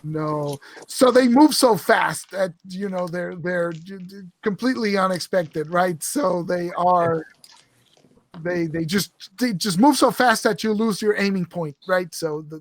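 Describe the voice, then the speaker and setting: A man running a tabletop role-playing session as game master, talking in halting, self-correcting phrases. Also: sits high. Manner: halting, thinks aloud, lots of restarts.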